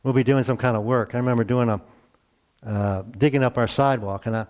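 A middle-aged man preaching a sermon to his congregation, conversational and earnest, asking rhetorical questions and swinging between hushed asides and emphatic raised lines. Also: mid-range voice, steady tone, fairly quick. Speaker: pastor.

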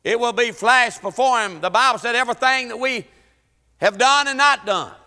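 A man preaching an impassioned church sermon, rising to shouts. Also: extremely high pitch, moderate pace. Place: church sanctuary. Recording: long church hall reverb.

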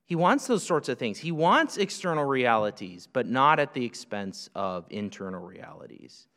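Man, preacher, mid pitch, emphatic, rhetorical questions, long hall reverb. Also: big pitch swings, moderate pace, fairly bright tone. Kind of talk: sermon teaching.

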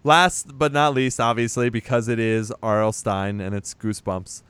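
Man, casual podcast talk, chatty and teasing, crisp voice, dry sound. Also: fairly low pitch, steady tone, moderate pace, a bit bright, dry recording. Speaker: podcast host recapping a movie. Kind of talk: casual chat.

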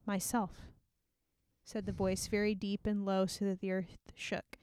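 A woman's voice: medium pitch, flat delivery, a little slow, a little mellow, clean tone, dry recording. A woman chatting casually about a book with a friend, laughing often and reading passages aloud.

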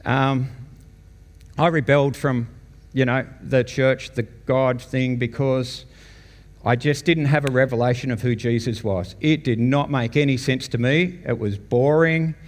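A man's voice: mid-range voice, steady tone, a little slow. Australian man, mid-range voice, chatty testimony-style storytelling to a church crowd, long hall reverb. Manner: conversational storytelling, chuckles often. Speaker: church guest speaker. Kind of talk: personal testimony to a congregation.

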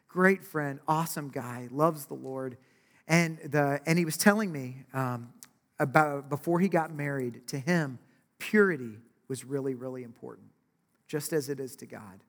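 Man, preacher, chatty sermon, slightly high voice, long reverb of a big hall. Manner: conversational, with frequent "right?" asides and acted-out quotes.

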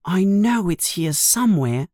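A man's voice: sits high, measured pace, no echo, clean studio sound, pitched above the performer's own voice. A man reading a storybook aloud, voicing a young schoolboy wizard in an eager, earnest way. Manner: excited, earnest.

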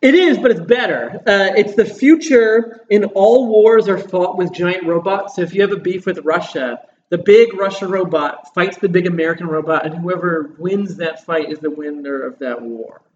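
Excitable man on a roomy lo-fi mic. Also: sits high, moderate pace, few pauses. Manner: excitable, laughs often, rambling asides. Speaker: podcast co-host. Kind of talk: casual movie podcast chat. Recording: echoey distant lo-fi room mic with faint hiss.

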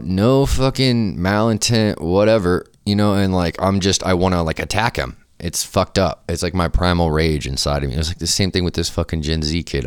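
Podcast host, young man, very low smooth voice, dry close sound, casual and profane. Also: no echo. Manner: loose, profane, swings into animated quoted voices. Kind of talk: casual storytelling chat.

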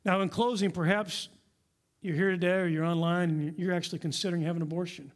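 Earnest high-voiced pastor preaching. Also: male voice, steady tone, fairly quick. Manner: earnest, exhorting. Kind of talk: sermon. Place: church sanctuary.

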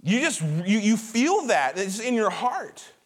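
Pastor, male, high-pitched, conversational sermon delivery, animated storyteller repeating words for emphasis. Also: slow. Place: church auditorium before a congregation.

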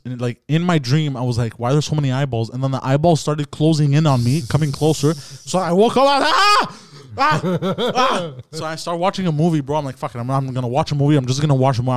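A man in a casual podcast chat, rattling off a crude, animated story at a quick clip. He leans on "bro" constantly and swears freely, and his voice sits close and dry on the mic. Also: on the high side, dry recording. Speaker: podcast host.

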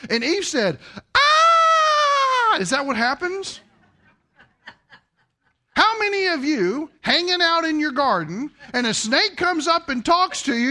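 A man's voice: very high voice, bright, forceful tone. A man preaching a sermon. He keeps asking the congregation rhetorical questions and acts out quoted voices. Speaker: pastor.

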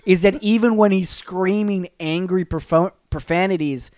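A man co-hosting a podcast in casual chat, talking in a rambling, animated way with many fillers and restarts. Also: sits high, normal speed, no room sound, studio quality. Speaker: podcast co-host.

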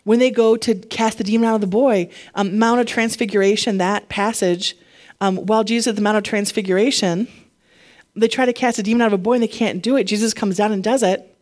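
Her sermon is casual and conversational, spoken a little fast in a mid-range voice. She stays animated and chatty throughout, with her pitch climbing whenever she gets fired up.

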